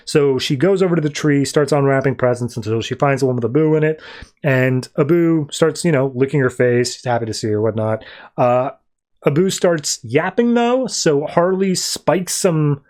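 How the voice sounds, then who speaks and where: A man's voice: mid-range voice, animated, moderate pace, darkish tone. A man hosting a podcast, loosely summarizing a comic story in a conversational way with fillers and asides. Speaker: podcast host. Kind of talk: casual comic book recap.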